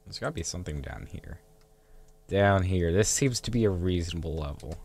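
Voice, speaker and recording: Casting: low-voiced male gamer, jumpy, swings from mutters to outbursts, casual commentary. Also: a little fast, vocal fry. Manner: excitable, swears and grumbles at the game.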